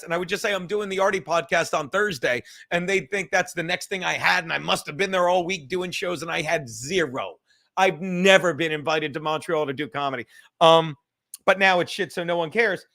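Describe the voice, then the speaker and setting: Podcast host guy, high bright voice, swearing up a storm, heated rambling rant. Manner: profane, heated, rapid rambling.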